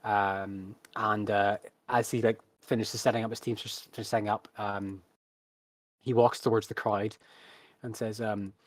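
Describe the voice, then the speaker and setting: A man's voice: lowish voice, little pitch movement, a little slow, no echo. A man running a tabletop game who narrates the scene loosely, with frequent ums and restarts. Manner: hesitant, full of ums and restarts. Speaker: game master.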